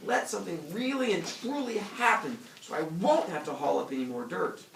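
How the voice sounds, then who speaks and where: A man's voice: high voice, animated, a little fast, gravelly, fairly bright tone, a little hiss or hum, pitched above the performer's own voice, heavily acted. A man doing a timid, pleading farm wife. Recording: echoey room from far off.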